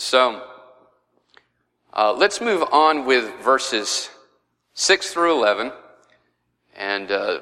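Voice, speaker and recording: A man's voice: fairly low pitch, sharp tone, long reverb tail, low-quality recording. A man teaching a verse-by-verse Bible study in a conversational way, with frequent fillers.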